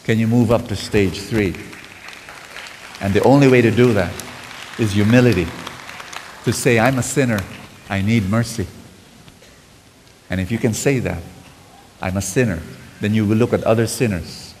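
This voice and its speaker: A man's voice: lowish voice, normal speed, long pauses, a little mellow, a little hiss or hum. A man preaching a sermon to a congregation, often calling out to the crowd for responses. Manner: calls out to the audience for responses. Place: large hall before a congregation. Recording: long hall reverb with guitar music behind.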